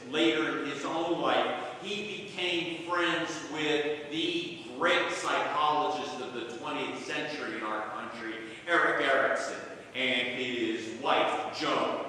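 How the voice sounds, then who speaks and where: A male pastor preaches slowly and deliberately, giving weight to each phrase. His voice carries a long, echoing reverb through the church sanctuary. It is picked up by a distant mic, with soft room ambience behind him. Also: mid-range voice, a little hiss or hum. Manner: measured, reading scripture aloud with emphasis. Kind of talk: sermon. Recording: echoey church from far off.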